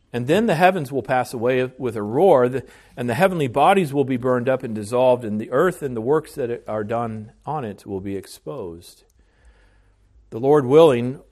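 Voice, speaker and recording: Male pastor, sermon delivery, mid-pitched voice, earnest, restarts words, rises in volume to stress points. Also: darkish tone. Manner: earnest preaching with frequent restarts, swells in volume on key phrases.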